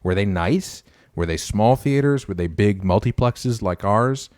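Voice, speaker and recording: A young man from Canada co-hosts a podcast in relaxed chat, now and then reading viewer comments aloud. His voice sits low, and the sound is dry and close with no room. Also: measured pace, smooth, dry recording. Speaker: podcast co-host. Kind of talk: casual chat with live chat readers.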